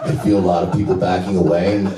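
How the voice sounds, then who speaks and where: A man in his thirties doing a crude, brash stand-up set with deadpan asides on a comedy club stage. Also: sits low, fast, crowd noise. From United States. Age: 30s. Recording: roomy club audio from a distance. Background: audience laughter.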